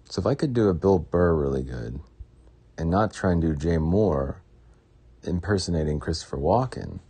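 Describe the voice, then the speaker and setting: A man's voice: sits low, lively intonation, normal speed, dark tone, rough recording. A young man hosting a solo podcast, rambling in a jokey, self-deprecating way. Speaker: podcast host.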